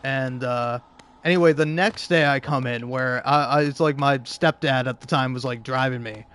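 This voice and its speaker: A man's voice: medium pitch, normal speed, a bit bright, clean tone. A young man telling a long story while playing a game, rambling, restarting his sentences and swearing casually. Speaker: gaming video host.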